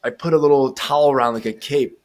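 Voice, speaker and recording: Casting: podcast host, mid-pitched man, lively storyteller. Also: quick pace. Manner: animated storyteller, laughs often. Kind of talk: casual chat.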